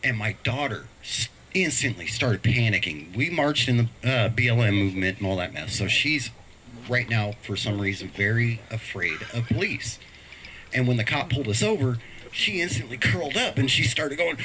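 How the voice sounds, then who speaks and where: Animated storytelling middle-aged man. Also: mid-range voice, moderate pace, slight background noise, poor audio. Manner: animated storytelling, acts out voices. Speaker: stand-up comedian. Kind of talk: stand-up set on a live stream.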